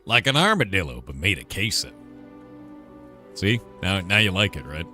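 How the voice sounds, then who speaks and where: Low-ish voiced guy streaming a game, joking around and trolling chat, soft music behind. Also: big pitch swings, normal speed. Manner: playful teasing, mock mispronunciations. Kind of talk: casual gameplay commentary.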